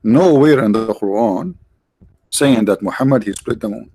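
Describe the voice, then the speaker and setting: A man's voice: on the low side, moderate pace, dark tone, slight background noise. A man hosting a livestream, giving mocking, sarcastic religious debate commentary in broken English. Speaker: livestream host.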